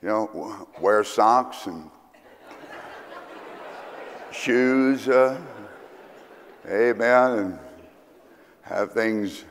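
A male pastor from Kentucky with a Southern accent, telling rambling, humorous stories in a sermon, often pausing with fillers. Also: on the low side, a little hiss or hum. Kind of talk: storytelling sermon. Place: church sanctuary. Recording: reverberant church hall.

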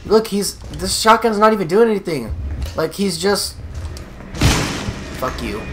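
A man giving let's play commentary on a horror game, swearing and yelling taunts at the enemy. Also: high voice, very animated, unhurried, over music. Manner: profane, yells taunts at the enemy. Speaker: gaming video host.

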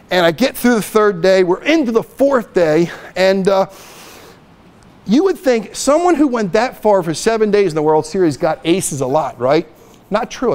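A middle-aged man giving a poker lecture as a guest speaker, telling lively anecdotes and acting out the dialogue. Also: sits high. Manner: animated anecdotes, acts out dialogue. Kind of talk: storytelling lecture.

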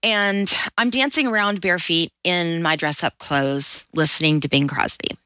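Low-voiced woman telling her story. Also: a little slow, sharp tone, no echo, poor audio. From Washington State, USA. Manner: vivid, acts out quoted voices. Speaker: podcast guest. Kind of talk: personal storytelling.

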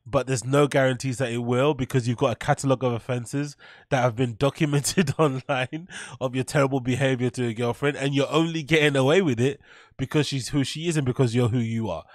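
A man's voice: medium pitch, fairly even intonation, brisk, dry recording, clean studio sound. A man reacting to a clip, bluntly mocking what he hears and swearing often. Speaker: reaction streamer. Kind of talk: reacting to a clip, casual commentary.

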